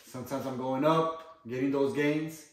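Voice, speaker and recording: A man in a casual personal vlog, talking in a downcast, halting way with lots of "you know" fillers. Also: mid-range voice, fairly even intonation, heavy background noise. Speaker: fitness vlogger. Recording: echoey room, mic far off.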